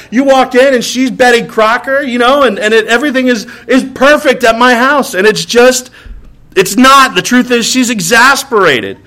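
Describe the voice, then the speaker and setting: A man's voice: very high-pitched, fairly bright tone. A male pastor preaching a sermon in a church, telling humorous stories and acting out bits of dialogue, often checking in with "right?". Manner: humorous storytelling with acted-out dialogue; asks the crowd "right?" often.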